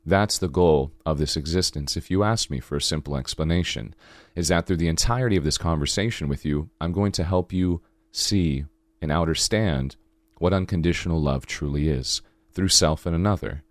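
A man hosting a podcast, giving a slow, earnest spiritual monologue in a low, sultry morning voice. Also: no room sound. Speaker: podcast host.

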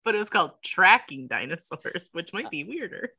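A woman with a low but bright, forceful voice chats on a podcast and makes wry asides. Her pitch moves a lot, and the sound is close and dry. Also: big pitch swings, normal speed, creaky, slightly rough, no room sound. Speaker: podcast co-host. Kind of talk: casual chat.

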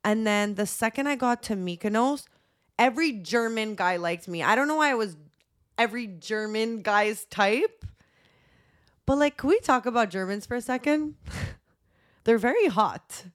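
A woman's voice: on the high side, lively intonation, normal speed. Chatty young woman telling stories. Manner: chatty storytelling, heavy use of "like", acts out quotes. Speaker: podcast co-host. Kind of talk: casual chat.

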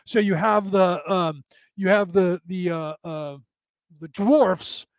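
A man's voice: sits high, takes it slowly, no room sound. A man hosting a casual spiritual talk, rambling and repeating himself in a preachy way. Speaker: podcast host.

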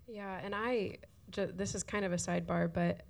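A woman's voice: medium pitch, steady tone, normal speed, creaky. A woman speaking earnestly in a shared church talk, tearful at times. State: crying at times.

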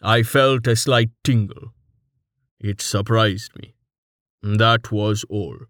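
A man voicing a stoic, dryly humorous armored male warrior in an audiobook, speaking in a slow, measured and formal way. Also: lowish voice, steady tone, fairly bright tone, dry recording, studio quality. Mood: calm.

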